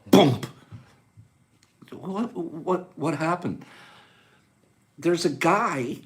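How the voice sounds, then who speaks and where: Animated, high-voiced man telling a story. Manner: animated, laughing, acts out scenes. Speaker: host. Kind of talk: casual storytelling.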